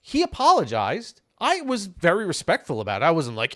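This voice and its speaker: A man with a New York accent, co-hosting a casual podcast chat and telling a story with lively, acted-out quotes. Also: high-pitched, fairly quick, no echo, studio quality. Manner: animated storyteller, acts out quoted lines loudly. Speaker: podcast co-host. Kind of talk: casual chat over beers.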